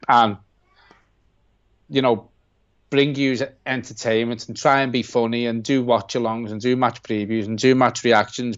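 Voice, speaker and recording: Lad on a footy watch-along stream, chatty and sweary, mid pitch, kinda muffled lo-fi audio. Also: male voice, no room sound. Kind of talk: casual live-stream chat, reading out donations.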